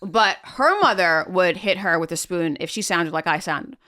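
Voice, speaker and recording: A woman with a General American accent talks through ideas in a casual podcast chat, explaining as if giving a small lecture. Her voice sits a little low and comes across smooth and resonant. The recording is close and dry. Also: animated, moderate pace, sharp tone, dry recording. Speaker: podcast co-host.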